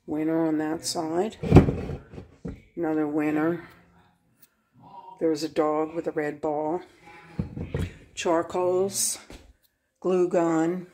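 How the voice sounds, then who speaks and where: A woman giving a casual, unhurried tour of her home craft room, pointing things out one by one. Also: sits low.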